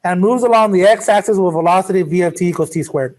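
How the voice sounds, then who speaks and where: High-voiced, joking male math teacher. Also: quick pace, darkish tone. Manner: casual, joking, chatty asides. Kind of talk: classroom lecture. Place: classroom.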